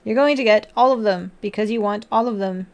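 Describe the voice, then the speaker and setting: A young woman livestreaming, chatting with viewers and talking baby talk to her cat. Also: on the high side. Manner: playful baby talk to a pet. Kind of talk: casual chat with chat and her cat.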